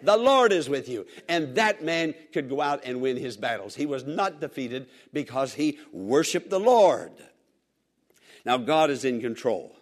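A man's voice: mid-range voice, expressive, a little slow. A man preaching a sermon, repeating phrases emphatically and calling for responses from the congregation. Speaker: pastor.

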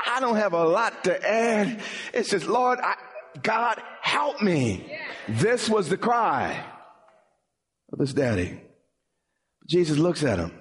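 A man preaching a sermon as pastor, in a dramatic style that drops low and quiet and then rises high and pleading.

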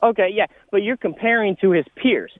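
Breathless high-voiced man calling in by phone. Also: dry recording. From California. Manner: animated, argumentative, rapid points. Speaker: caller. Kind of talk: sports radio call-in. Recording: tinny phone line.

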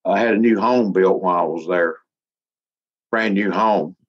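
In a slightly muffled recording, a middle-aged interviewee with a deep voice tells a story at a moderate pace. His talk is casual and folksy, full of chuckles, and now and then he gets emotional enough to nearly cry.

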